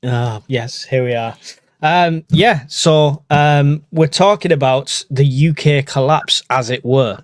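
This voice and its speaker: A man's voice: a little high, slow pace, no room sound. Man, British, podcast host, casual live chat, jokey, dry close sound. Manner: laughs often, chatty and joking.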